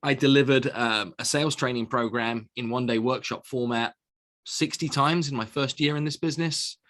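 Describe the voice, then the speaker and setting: A middle-aged man with a mixed British and American accent, telling his story as a podcast guest, lively and full of restarts. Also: medium pitch, moderate pace. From United Kingdom. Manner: animated storyteller with frequent repeated words and restarts. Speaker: guest, sales speaker. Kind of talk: conversational podcast interview. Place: small office studio.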